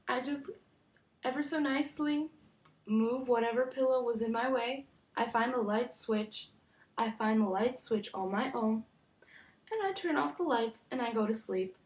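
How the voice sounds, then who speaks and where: A young woman vlogger telling a story casually, chatty and animated, acting out quoted lines. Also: measured pace. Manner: chatty, animated, acts out quotes with big pitch jumps.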